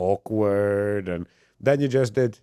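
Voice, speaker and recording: This is a man who works as a stand-up comedian, speaking in a casual interview. His voice sits low and warm. He tells his stories with animated, all-in energy, recorded close and dry. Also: takes it slowly, clear, resonant tone, dry recording. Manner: energetic, animated storyteller who acts out quotes.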